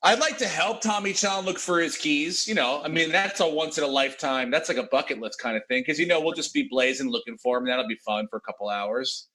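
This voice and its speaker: A man with a high, bright voice riffs as a comic panelist. He rambles and restarts often while he builds his bits. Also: fairly quick, hardly any pauses. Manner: rambling, stumbling through setups. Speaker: comedian panelist. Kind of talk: riffing comedy chat.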